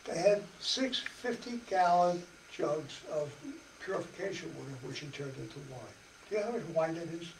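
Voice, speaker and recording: A parish presenter gives a folksy church study-group talk in a meeting room, chatting and acting out dialogue with laughs. His voice is a little high and animated at a normal speed, recorded from far off in an echoey hall with faint hiss.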